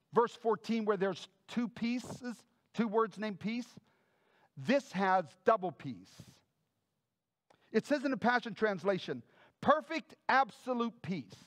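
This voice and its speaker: Male pastor, high voice, conversational sermon with asides, dry close recording. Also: dry recording. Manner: conversational preaching with frequent "folks" and "okay?" asides; reads Bible verses aloud and explains them.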